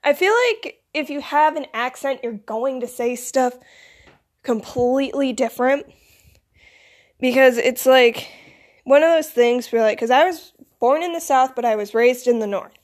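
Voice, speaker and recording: A woman's voice: sits high, a little slow, darkish tone. A teenage girl rambling casually to camera, with plenty of "like" and "you know". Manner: filler-heavy, rambling, lots of "like". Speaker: vlogger.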